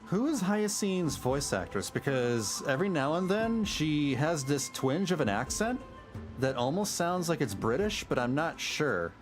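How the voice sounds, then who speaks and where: A man's voice: on the high side, very animated, unhurried. A man streaming a game and chatting casually, musing aloud and chuckling at his own remarks. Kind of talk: casual livestream commentary. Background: game music.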